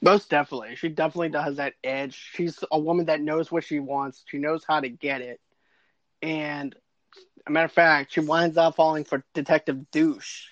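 A man co-hosting a casual TV recap podcast, chatty and quick to laugh. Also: fairly high pitch, steady tone, no room sound. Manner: chatty, laughs often, repeats words. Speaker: podcast co-host. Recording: dull lo-fi sound.

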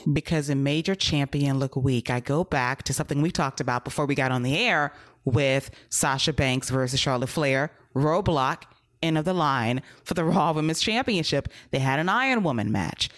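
A woman co-hosting a podcast, giving blunt, direct critique in casual review chat. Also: low voice. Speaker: podcast co-host.

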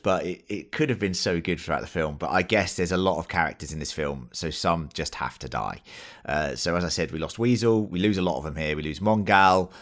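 A man with a very low voice talks through a film with a friend. He is enthusiastic and casual, swears freely and acts out bits of dialogue. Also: fairly bright tone. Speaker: podcast co-host. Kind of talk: casual film review chat.

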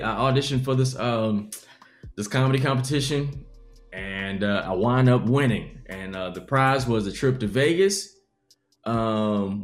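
A man's voice: medium pitch, echoey room. A young adult man, a comedian, telling his life story in an interview and acting out the people in it. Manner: animated storyteller acting out quotes.

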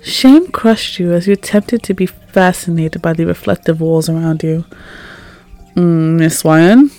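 A woman reading second-person fanfiction aloud in a soft, calm voice that sometimes drops near a whisper. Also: lowish voice, moderate pace, no echo, faint music behind. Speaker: fanfic reader.

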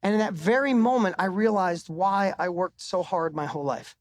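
A man's voice: high voice, normal speed. A middle-aged man giving a live motivational talk on stage into a microphone, telling a personal story with emphatic swearing and a voice that climbs for punchlines. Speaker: motivational speaker.

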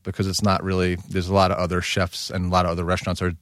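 A man's voice: low voice, completely flat delivery, very fast, fairly bright tone, no room sound, studio quality. A man, a guest chef, talking in a casual podcast conversation, rambling with many fillers.

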